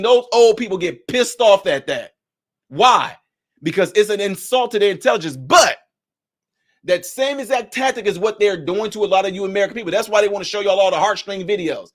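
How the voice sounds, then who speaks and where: A man giving a heated, preachy political commentary vlog, rising at times to shouts. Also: sits high. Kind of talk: ranting video commentary.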